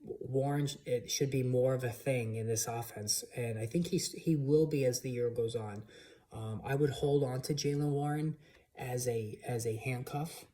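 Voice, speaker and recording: A man's voice: mid-range voice, moderate pace, dark tone. Opinionated man talking fantasy football. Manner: opinionated, frequent restarts and fillers. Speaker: fantasy football analyst, channel host. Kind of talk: casual solo commentary. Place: home computer setup.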